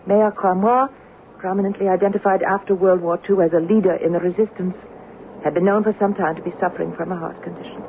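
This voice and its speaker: A woman's voice: lowish voice, steady tone, fast talker, natural voice. An actress playing a teasing French wife in her fifties with a French accent, once a wartime resistance fighter, in 1970s radio drama acting. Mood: urgent. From France. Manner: teasing, affectionate. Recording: tinny hissy old radio broadcast.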